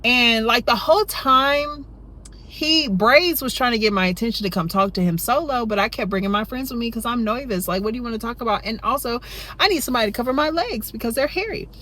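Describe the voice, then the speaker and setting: A woman's voice: animated, brisk. A woman casually telling a storytime tale, chatty and rambling, often tucking in "you know" and "right?". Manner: jumps high and loud when acting out her younger self. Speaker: storytime vlogger.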